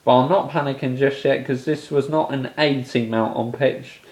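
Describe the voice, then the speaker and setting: A man's voice: medium pitch, steady tone, moderate pace, darkish tone. A young man from England ranting angrily about his football team's loss, swearing and exasperated. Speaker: football fan vlogger. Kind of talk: angry fan rant to camera.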